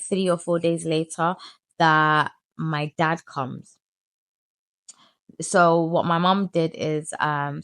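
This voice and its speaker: Gravelly-voiced woman telling a story. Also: sits low, dry recording. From United Kingdom. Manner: blunt, swears freely, animated retelling. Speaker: vlogger. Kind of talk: storytime vlog.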